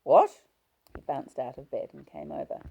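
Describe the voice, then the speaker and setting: A woman narrating a novel in first person with a low voice. Her tone is dark and heavily gravelly, with a steady reading pace. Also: brisk, lo-fi sound. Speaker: audiobook reader.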